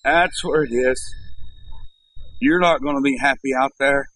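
A man preaching a sermon in church, telling a story and then building to impassioned, shouted appeals to the congregation. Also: medium pitch, unhurried, no echo, low-quality recording.

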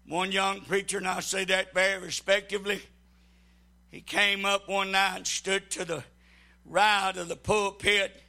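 Impassioned bright-voiced preacher man. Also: high voice. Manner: impassioned preaching, swinging from shouts to hushed tones. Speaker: pastor. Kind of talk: Pentecostal sermon.

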